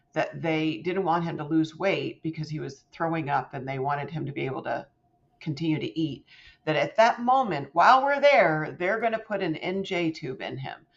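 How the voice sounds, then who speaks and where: Animated middle-aged woman telling a story. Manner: animated, acts out quoted voices with big jumps in pitch. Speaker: podcast guest. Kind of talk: personal storytelling. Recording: slightly muffled lo-fi sound.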